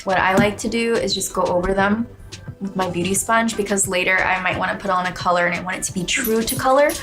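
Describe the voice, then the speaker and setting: A woman presenting a makeup tutorial, explaining each step calmly and clearly. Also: medium pitch. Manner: calm, step-by-step instructing. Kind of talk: instructional how-to.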